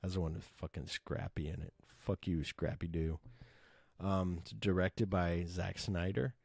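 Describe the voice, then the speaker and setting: A man's voice: low-pitched, fairly even intonation, a little slow, creaky, darkish tone, husky, no echo, clean studio sound. A man chatting casually about movies, rambling and enthusiastic, with lots of fillers and swearing. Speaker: movie podcast host.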